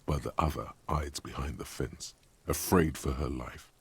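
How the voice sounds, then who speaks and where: A man's voice: a bass voice, steady tone, normal speed, breathy edge, dry recording, full character voice. An actor voicing a grave, ominous male inner voice that guides a detective through a video game. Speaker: game narrator.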